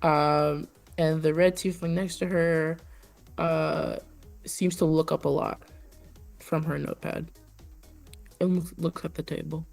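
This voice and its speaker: A woman's voice: deep voice, level tone, measured pace, gravelly, long pauses, a little mellow, soft background music. A woman narrating as game master for a tabletop game, hesitant with many fillers.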